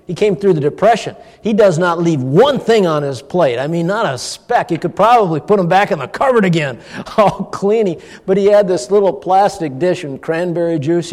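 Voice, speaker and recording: A middle-aged pastor with a slightly high voice gives an informal sermon, telling a personal story in a folksy, animated way and chuckling along. It was recorded in a church hall with a long reverb.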